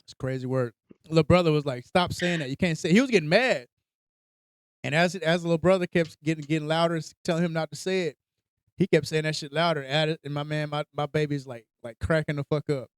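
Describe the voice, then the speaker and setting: Male podcast host, 30s, lively storyteller doing voices; smooth, fairly high, dry sound. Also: quick pace, dry recording. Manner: animated storyteller, acts out voices, laughs often. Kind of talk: casual storytelling chat.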